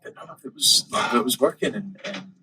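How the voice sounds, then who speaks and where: A man's voice: mid-range voice, big pitch swings, fast, bright, forceful tone, slightly rough, poor audio. A man, a podcast guest and open water swimmer, casually telling a story with many fillers and quoted thoughts.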